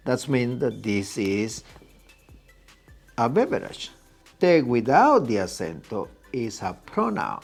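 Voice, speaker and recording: Man with a lively teaching voice. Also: mid-range voice, slow, creaky, soft background music. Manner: patient, repeats key points with "right?". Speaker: Spanish teacher. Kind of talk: explanatory lesson.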